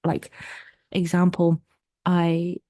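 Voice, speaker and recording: A young adult woman hosting her own podcast, talking candidly and at length about her week, with restarts and soft laughs. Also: fairly low pitch, completely flat delivery, extremely slow, dry recording, studio quality. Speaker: podcast host. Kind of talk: personal confessional monologue.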